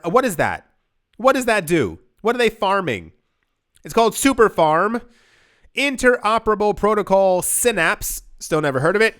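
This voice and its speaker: Sarcastic man with a smooth high voice. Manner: sarcastic, animated, joking asides. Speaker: crypto YouTube host. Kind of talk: casual news commentary.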